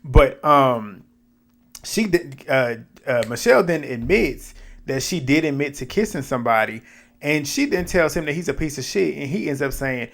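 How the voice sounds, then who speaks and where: A man giving casual reality TV recap commentary in an animated, blunt way, swearing and laughing at what happened. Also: on the high side, moderate pace, vocal fry.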